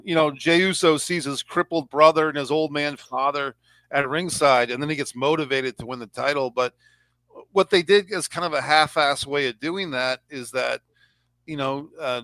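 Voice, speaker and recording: A man's voice: fairly high pitch, fairly bright tone, dry recording. A man hosting a casual review chat, rambling and sarcastic as he talks things through. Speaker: podcast host.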